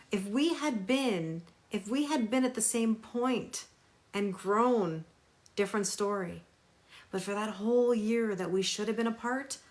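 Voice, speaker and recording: A woman tarot reader on a live stream, talking emphatically, repeating phrases for stress and greeting viewers by name. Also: medium pitch.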